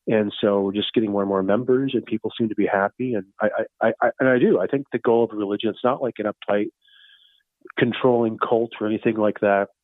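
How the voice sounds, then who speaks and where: A man's voice: lowish voice, a little fast, no room sound. Rambling man on a tinny phone line. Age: 50s. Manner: rambling, loose and excited, keeps saying "you know" and "far out". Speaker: guest, founder of a fun-based religion. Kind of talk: casual phone interview.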